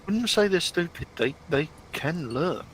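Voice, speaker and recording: A man's voice: on the high side, animated, measured pace, a bit bright, a little hiss or hum. A man playing along on a gaming voice call, joking in dry, teasing banter. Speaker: co-player. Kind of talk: casual gaming chat.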